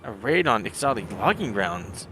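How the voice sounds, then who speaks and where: A man voicing a confident, wordy male engineer who talks briskly. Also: fairly low pitch, big pitch swings, bright, forceful tone, a little hiss or hum, heavily acted.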